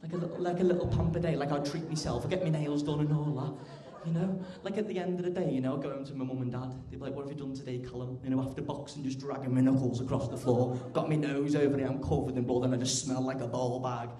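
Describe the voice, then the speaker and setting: A teenage man doing a stand-up comedy routine, chatty, tagging lines with "right?" and getting loud when acting out scenes. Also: medium pitch, fairly even intonation, quick pace, hardly any pauses. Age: teens. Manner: chatty, keeps asking "right?", bursts loud for acted bits. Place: large comedy club stage. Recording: echoey live club room.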